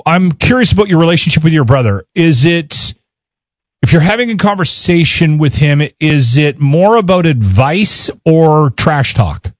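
A man's voice: on the high side, lively intonation, moderate pace, no echo. A man hosting a sports radio show, asking casual questions with a chatty, wry manner. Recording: dull lo-fi sound.

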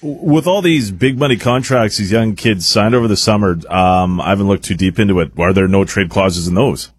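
Relaxed male radio host, dry studio sound. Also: on the low side, a little fast, breathy edge, dry recording. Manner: conversational, relaxed delivery with filler "uh"s. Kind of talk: radio sports talk.

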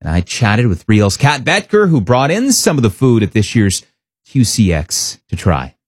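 A man's voice: mid-range voice, wildly swooping pitch, normal speed, slightly rough, dry recording. A man introducing a radio segment from the studio in a playful, wry scripted delivery. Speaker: radio host.

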